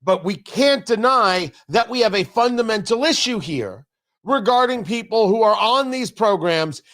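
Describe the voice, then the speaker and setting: A man's voice: high voice, lively intonation, normal speed, a bit bright. A middle-aged man hosting a political talk show, speaking emphatically and sarcastically, repeating lines for punch. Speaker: radio talk show host.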